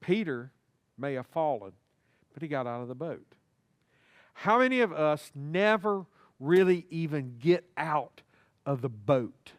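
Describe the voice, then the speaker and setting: A man's voice: on the high side, expressive, a little slow, pauses often, no room sound, clean studio sound. A male pastor preaching a sermon in a church, talking to the congregation and acting out little dialogues. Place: church sanctuary.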